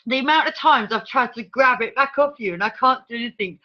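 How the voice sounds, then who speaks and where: A woman hosting a team training over a video call, talking in a brisk, chatty, organizing way. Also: on the high side. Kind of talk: casual online meeting talk. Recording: dull video-call audio.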